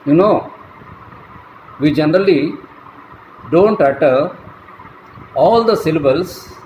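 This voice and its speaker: A man giving a slow, deliberate classroom lecture as a college lecturer, spelling words out letter by letter. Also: fairly high pitch, lively intonation, a little mellow. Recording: echoey room, faint traffic noise.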